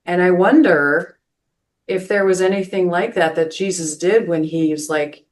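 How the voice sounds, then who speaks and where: A woman pastor who hosts a podcast and tells stories in an earnest, searching way. She often restarts her sentences and asks "right?" to check in with listeners. Her voice sits slightly low. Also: unhurried. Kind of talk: spiritual podcast talk, storytelling.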